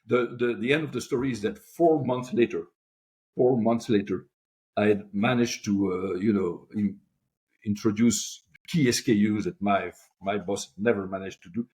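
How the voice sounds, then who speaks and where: An older man, a podcast guest telling animated stories with many restarts. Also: lowish voice, moderate pace. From Europe. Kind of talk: anecdotal storytelling.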